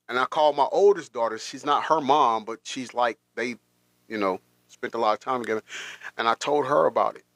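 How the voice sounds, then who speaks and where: A man hosting a podcast, telling a personal story in a halting, emotional way with many restarts. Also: mid-range voice, creaky, a bit bright, no echo. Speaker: podcast host.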